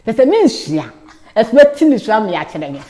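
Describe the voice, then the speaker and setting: A woman guest on a talk show, telling a personal story in an animated way and dropping to a hush at times. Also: fairly high pitch, fairly quick, noisy background. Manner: animated storyteller, drops to a hush for quoted lines.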